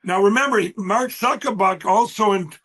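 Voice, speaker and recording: A man speaks with a high-pitched voice as he talks on a show. He rambles and stresses his words, jumping from one point to the next. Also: normal speed, a bit bright. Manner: rambling, emphatic, acts out quoted voices. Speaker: guest. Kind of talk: animated interview storytelling.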